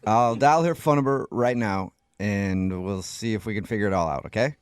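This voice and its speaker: A man's voice: on the low side, moderate pace, smooth. Jokey male morning radio host. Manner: jokey, laughs often.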